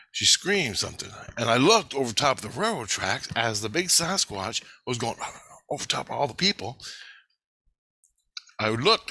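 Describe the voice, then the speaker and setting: Bright-voiced man telling a rambling, profane story. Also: medium pitch, breathy edge, no echo. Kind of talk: casual storytelling vlog.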